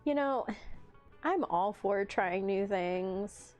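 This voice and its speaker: Woman stream host, unhurried, teasing chat banter with lots of laughter, animated pitch, faint music underneath. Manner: laughs often, playful teasing reactions to chat. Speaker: livestream host. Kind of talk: casual chat reading live chat.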